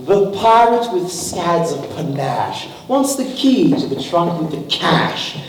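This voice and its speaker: A young man in a school play, acting a flamboyant, vain pirate captain with a booming, hammy delivery. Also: big pitch swings, slow, a little hiss or hum. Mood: menacing. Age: young adult. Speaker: student actor. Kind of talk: stage play performance. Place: school stage in a hall. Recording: echoey hall, from far off.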